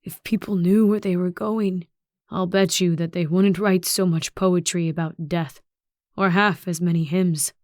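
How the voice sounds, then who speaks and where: Casting: woman reading a gloomy, weary male ghost, quiet and somber, in a dry close recording. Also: fairly low pitch, steady tone, measured pace, no echo, lightly acted.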